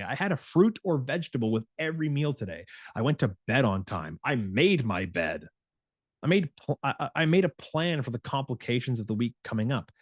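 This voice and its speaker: Animated male fitness coach, dry sound. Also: mid-range voice, no echo. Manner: animated, acts out clients' inner voices; frequent restarts and "like" fillers. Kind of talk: motivational talk to camera.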